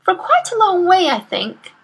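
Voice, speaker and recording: Brief: woman reading as a tiny, serious young girl, polite and plain-spoken, high-pitched, with lively pitch. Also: unhurried, full character voice. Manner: quiet, polite, matter-of-fact. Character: tiny serious five-year-old girl, quiet and polite. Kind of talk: storybook reading.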